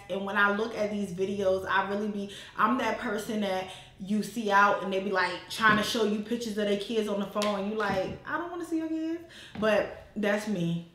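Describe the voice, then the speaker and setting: A woman's voice: medium pitch, fairly bright tone. A woman vlogger and mother of twins talking casually to her viewers, chatty and emotional. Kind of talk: casual direct-to-camera chat. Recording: echoey room.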